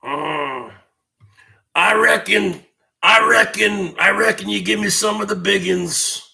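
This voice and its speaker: A man putting on a slow, halting drawl to play a simple-minded man, much lower than his own voice. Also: vocal fry, bright, forceful tone, heavily acted. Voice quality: low, halting drawl with long pauses.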